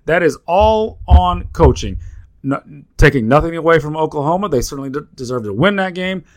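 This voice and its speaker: A man's voice: fairly high pitch, lively intonation, fairly quick. A man co-hosting a sports podcast, talking in a heated, profane rant full of restarts. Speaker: podcast co-host. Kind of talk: casual sports betting podcast chat.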